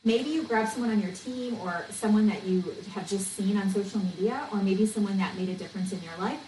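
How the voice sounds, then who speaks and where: A woman who hosts a podcast and coaches network marketing vents passionately and bluntly in a fired-up solo episode, saying "okay?" often. Her voice is medium-pitched, warm, and fairly quick, recorded with a distant mic in an echoey room with faint noise.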